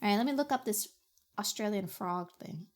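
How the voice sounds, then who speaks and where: A woman's voice: mid-range voice, expressive, fairly quick. A young woman chatting playfully with her viewers on a live stream, giggling often. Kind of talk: casual live-stream chat.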